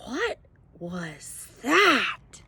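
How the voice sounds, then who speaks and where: A woman voicing a squeaky excitable kitten boy. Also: extremely slow, creaky, breathy edge, no echo, exaggerated voice. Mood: amazed. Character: bouncy young male Siamese kitten, excitable.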